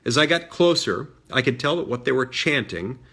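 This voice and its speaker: Middle-aged guy telling a story, kinda husky voice, lots of ums and restarts. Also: medium pitch, expressive, a bit bright. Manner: measured, many fillers and restarts, mimics voices in quotes. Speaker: senator recounting a childhood story. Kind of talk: storytelling monologue.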